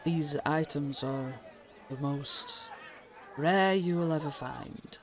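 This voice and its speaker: A woman voicing an aloof male merchant, speaking slowly and quietly. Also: sits low, some chatter behind, slight background noise. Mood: snooty.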